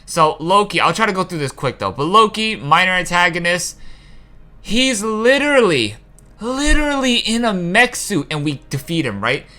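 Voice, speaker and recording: A young man hosting a gaming channel rants casually about a game's story, frustrated and profane, wandering off into rambling asides. His voice is high-pitched with big swings in pitch, bright and forceful, at a normal speed.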